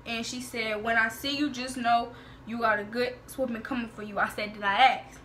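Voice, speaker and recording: A woman's voice: a little high, moderate pace, a little hiss or hum. A young woman vlogger, sassily retelling social media drama in a storytime vlog. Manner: sassy, animated retelling with slang and quoted exchanges.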